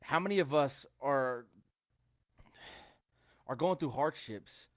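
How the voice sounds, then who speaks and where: A man's voice: medium pitch, slow, no room sound. A man giving a casual devotional talk to online viewers, chatty and joking between scripture quotes. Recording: dry, dull lo-fi sound.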